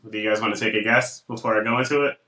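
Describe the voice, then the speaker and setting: A man's voice: fairly low pitch, rapid-fire, echoey room, far from the mic, poor audio. A young man co-hosting a casual podcast, telling stories and acting out what people said to him. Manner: animated storytelling, acts out quotes. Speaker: podcast co-host.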